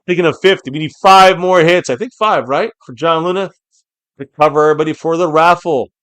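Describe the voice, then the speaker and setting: A man hosting a live game reaction stream, calling plays, reading viewer comments aloud, and erupting into shouts on big plays. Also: fairly high pitch, brisk, clean tone, dry recording.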